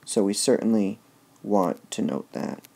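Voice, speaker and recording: A man's voice: fairly low pitch, measured pace, vocal fry, mellow. A man giving a casual lecture that reviews a play, explaining step by step and often saying "all right". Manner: explains step by step with filler words.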